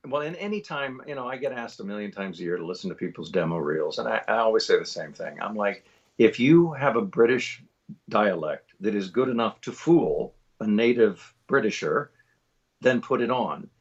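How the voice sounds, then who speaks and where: Husky older man telling stories. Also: lowish voice, moderate pace, lo-fi sound. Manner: animated storyteller, many restarts. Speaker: voice actor guest. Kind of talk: casual interview chat.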